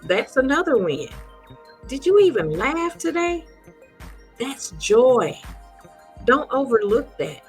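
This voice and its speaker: A woman hosting an inspirational talk, speaking gently and encouragingly straight to her listeners. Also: high-pitched, big pitch swings, slow, long pauses, faint music behind. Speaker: host.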